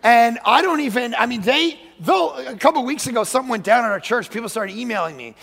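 A male guest pastor giving a lively, joking sermon in a church, acting out voices and sometimes shouting. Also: very high-pitched, quick pace, gravelly. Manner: animated, joking, acts out quoted voices, sudden shouts. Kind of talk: energetic comedic sermon. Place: church sanctuary. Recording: long hall reverb.

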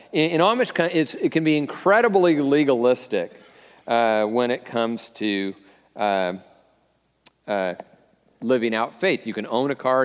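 A man, the lead pastor, preaching a conversational sermon, often pausing on fillers and restarting phrases. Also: medium pitch, big-room sound.

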